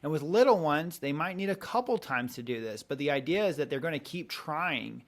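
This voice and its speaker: A man's voice: fairly high pitch, expressive, a little fast. Earnest man coaching parents. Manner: earnest, explains with acted-out examples. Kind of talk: podcast interview conversation.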